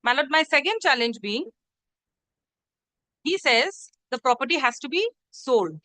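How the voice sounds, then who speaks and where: High, bright-voiced woman advocate. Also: expressive, normal speed, no echo, poor audio. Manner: formal and deferential, constantly addressing "my lord". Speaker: advocate arguing before a judge. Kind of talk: formal courtroom submission. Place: courtroom hearing, live-streamed.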